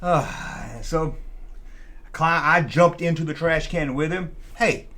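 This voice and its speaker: A man tells a long childhood story in a casual, folksy way. He rambles and circles back on himself. His voice sits a bit high for a man. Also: slow pace, fairly bright tone. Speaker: channel host.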